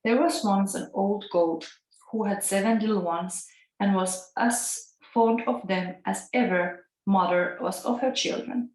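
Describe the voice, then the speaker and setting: A woman's voice: mid-range voice, unhurried, a little mellow. A chatty woman from Finland whose Finnish accent carries an Italian lilt. She muses her way through a casual tarot reading. Her mid-range voice rings with echo from the room. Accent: Finnish with Italian tinge. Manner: musing, chatty, laughs often. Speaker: tarot reader. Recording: echoey room.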